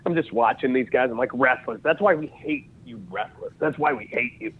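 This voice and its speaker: Medium in pitch, fairly quick and with a breathy edge, this podcast guest sounds tinny, as if on a phone. He's a jiu-jitsu and wrestling coach from Utah in his thirties, a lively storyteller who acts out dialogue and laughs frequently in casual talk.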